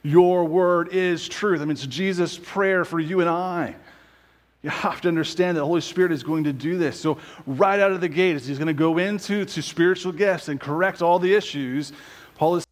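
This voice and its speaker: A man preaching a conversational sermon as pastor, often checking in with rhetorical questions and slowing down to quote scripture. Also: a little high. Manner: quotes scripture slowly and deliberately.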